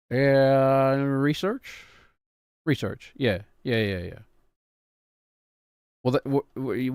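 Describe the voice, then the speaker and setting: A man's voice: mid-range voice, smooth, no echo. Guy streamer in his 30s chatting, wry and self-mocking, dry close sound. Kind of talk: casual chat.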